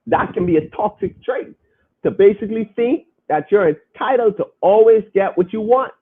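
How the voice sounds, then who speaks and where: A man's voice: high voice, lively intonation, normal speed, breathy edge, phone-quality sound. A man hosting a podcast, preaching emphatically and repeating his points as he reads comments from the chat.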